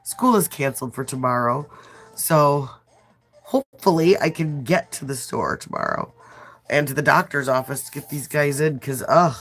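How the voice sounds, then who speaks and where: A woman's voice: extremely low pitch, animated, normal speed, slightly rough. A woman in her thirties with a Midwestern accent, stuffed up from a sinus cold, chatting casually and rambling on her livestream with self-deprecating asides. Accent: Midwestern American. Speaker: nail art livestreamer.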